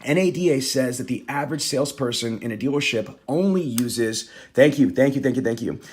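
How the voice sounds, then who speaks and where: A man's voice: mid-range voice, a little fast, a little mellow, slightly rough. A male sales trainer coaching a live online audience in an emphatic, repetitive, hyped-up way with chatty slang asides.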